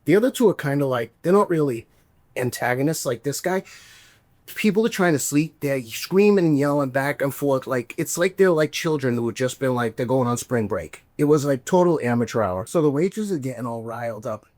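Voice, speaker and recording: A man hosting a podcast, telling a story in a casual, animated way, swearing and acting out the voices he quotes. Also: medium pitch, fairly quick, dry recording. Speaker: podcast host.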